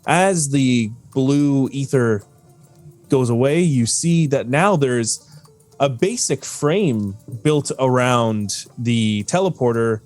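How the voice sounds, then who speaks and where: Halting game master with a middle-pitched voice, loose and chatty. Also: male voice, darkish tone, faint music behind. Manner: loose, halting narration with many fillers. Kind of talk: narrating a tabletop game.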